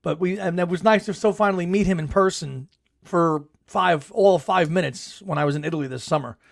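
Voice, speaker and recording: Chatty gravelly-voiced man hosting live chat. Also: high voice, a little fast. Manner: chatty, laughs often, enthusiastic sports cheering. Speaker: podcast host. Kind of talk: live chat reading viewer comments.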